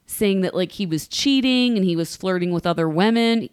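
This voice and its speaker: A woman's voice: medium pitch, moderate pace, few pauses, clear, resonant tone. A woman from Columbus, Ohio, co-hosting a podcast, chatting casually and gossipily about reality TV and laughing often. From Columbus, Ohio, USA. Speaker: podcast co-host. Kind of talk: casual reality-TV recap chat.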